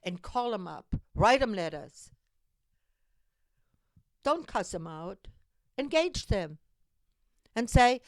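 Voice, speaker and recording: A woman speaks straight to her listeners in an urgent, exhorting monologue, pressing her points with emphatic repetition. Her delivery is slow and deliberate, and her voice sits in a middle register. The sound is dry and close, with no room echo. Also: medium pitch, big pitch swings. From Europe. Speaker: host of a civic call-to-action show. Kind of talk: impassioned direct-to-camera monologue.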